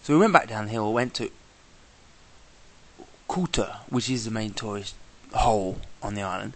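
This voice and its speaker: A man's voice: on the low side, animated, normal speed, a bit bright. A man talking casually in a travel vlog, exasperated and swearing, often imitating the people he met. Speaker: traveller vlogger.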